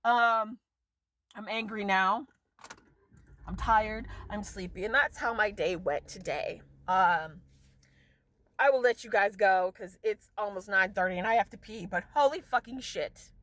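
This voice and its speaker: A woman vlogger ranting casually about a film, exasperated and profane, her voice leaping up and down in pitch. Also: unhurried, fairly bright tone. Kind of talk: casual rant to camera.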